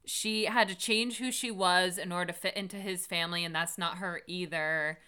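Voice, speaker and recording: A woman's voice: lowish voice, fairly even intonation, moderate pace, bright, forceful tone, smooth. A woman co-hosting a podcast, chatting casually and animatedly as she recaps a TV episode and acts out the characters. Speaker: podcast co-host.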